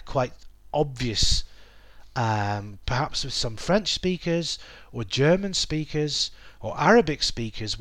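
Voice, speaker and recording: A man hosting a solo educational podcast, explaining things in a measured way with frequent ums. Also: mid-range voice, no room sound. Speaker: podcast host.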